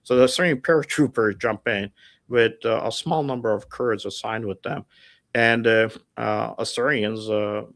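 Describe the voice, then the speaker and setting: A middle-aged man with a gravelly, rough-edged voice tells stories casually. He talks with energy, trails off into fillers and acts out the people in his stories. The sound is close and dry, with no room around it. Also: fairly low pitch, steady tone, normal speed, fairly bright tone, dry recording. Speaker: guest storyteller. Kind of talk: casual storytelling. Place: home setup over a livestream call. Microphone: remote call mic.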